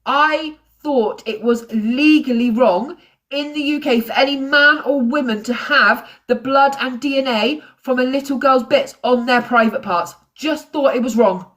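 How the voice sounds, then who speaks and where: A woman's voice: high-pitched, measured pace, fairly bright tone. A woman hosting a true crime livestream, talking in an angry, ranting way. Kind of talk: live-stream commentary.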